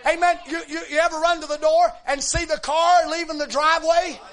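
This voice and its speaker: High-voiced man preaching a fervent sermon. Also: steady tone, brisk, fairly bright tone.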